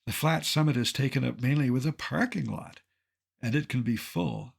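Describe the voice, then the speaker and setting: An older man tells his climbing story over a slideshow, his voice gravelly with a husky edge. He keeps a mid-range pitch and reads from a script. His humor is dry and deadpan. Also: normal speed. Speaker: mountaineer narrating a slideshow. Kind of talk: scripted narration.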